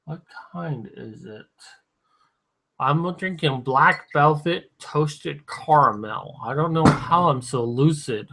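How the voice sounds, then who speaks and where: A drunk man talking to his stream viewers with slurred, halting speech, sometimes very soft. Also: fairly high pitch. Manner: talks softly at times. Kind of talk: drunken livestream monologue.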